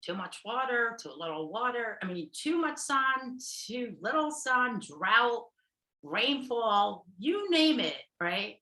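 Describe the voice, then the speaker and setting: A middle-aged woman therapist gives a casual workshop talk in a fairly high, sing-song voice that is slow, bright and forceful. She chats along, laughs often and keeps checking in with "right?" and "okay". The sound is roomy and rough.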